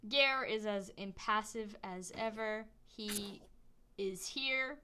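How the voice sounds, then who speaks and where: A woman's voice: mid-range voice, slow pace, bright, forceful tone, clear, resonant tone. A woman narrating as game master of a tabletop game, casual and chatty with many fillers.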